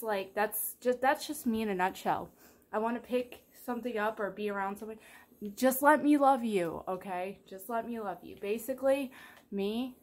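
A young woman chatting casually in a daily vlog, bubbly, rambling and self-deprecating. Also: mid-range voice. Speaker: vlogger.

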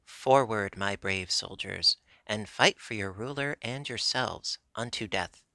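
A man's voice: fairly low pitch, unhurried, sharp tone, no room sound, clean studio sound. A man voicing a young female ruler who gives orders boldly. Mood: commanding. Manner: bold, commanding.

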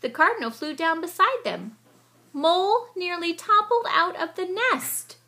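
A woman reading a children's picture book aloud with expressive storytelling, and she sometimes stops to explain the story. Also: very high voice, a little slow.

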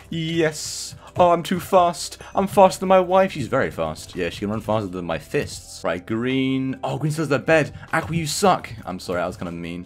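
A man giving sarcastic, self-mocking commentary over his own gameplay as a video host. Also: mid-range voice. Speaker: gaming YouTuber.

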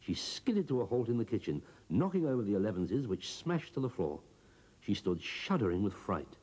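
A man giving a scripted children's storybook narration, expressive and bouncing between character voices. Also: fairly low pitch, moderate pace, breathy edge.

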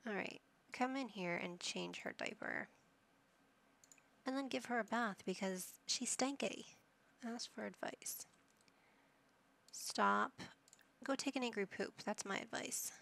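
A woman's voice: medium pitch, vocal fry, a bit bright. A young woman casually commentating a life-sim game, teasing and chatting to her characters. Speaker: gaming channel host. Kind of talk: casual let's-play commentary.

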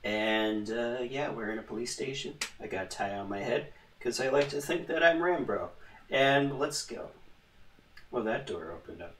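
A man's voice: medium pitch, lively intonation, moderate pace, fairly bright tone, recorded from a distance, a little hiss or hum. A man hosting a gaming channel, giving casual let's-play commentary in a rambling, joking, self-mocking way, recorded in a roomy space with his voice away from the microphone. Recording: roomy echo, voice away from the mic.

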